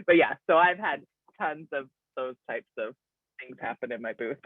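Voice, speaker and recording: A woman's voice: very deep voice, expressive, slow, long pauses, no room sound. A woman on a group video call, telling stories in a chatty way and laughing as she goes. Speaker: panel guest. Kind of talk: casual chat on a video call. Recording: tinny, dry phone-like sound.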